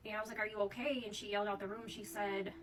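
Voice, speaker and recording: A woman's voice: medium pitch, little pitch movement, very fast, distant mic, poor audio. A woman giving a casual tarot reading, chatting to her viewers and often calling them "Divine Collective". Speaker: tarot reader.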